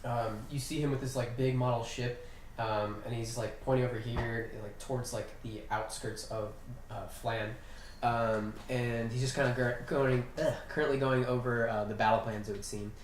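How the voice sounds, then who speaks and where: Rambling game master, distant and roomy. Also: male voice, medium pitch, steady tone, normal speed, a little hiss or hum. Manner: loose, rambling narration with many fillers, laughing often. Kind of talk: narrating a tabletop game. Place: room shared with several players. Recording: roomy, distant mic with chatter of the group.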